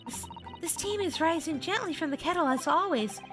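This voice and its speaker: A woman voicing a kindly, courteous older landlady in a video game, speaking in a soft, genteel manner. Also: very high voice, animated, normal speed, over music, voice pushed up. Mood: gentle.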